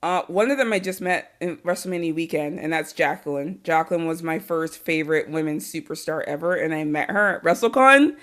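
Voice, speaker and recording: Animated laughing woman podcast guest. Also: deep voice, brisk, hardly any pauses. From Arizona. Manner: animated, laughing storyteller, swears freely. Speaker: podcast guest, wrestling interviewer. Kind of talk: casual podcast chat.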